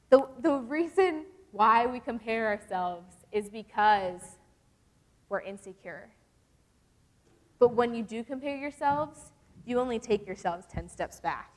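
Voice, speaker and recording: A fairly high-voiced young woman speaks to a youth group in a chatty, animated way, often slipping into the voices she quotes. Her voice rings out in a church hall with a long, trailing reverb. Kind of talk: casual devotional talk to a youth group.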